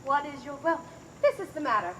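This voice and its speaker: A woman playing a formal, commanding noblewoman mother, with a measured verse delivery in outdoor Shakespeare stage acting. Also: sits high, big pitch swings, noisy background.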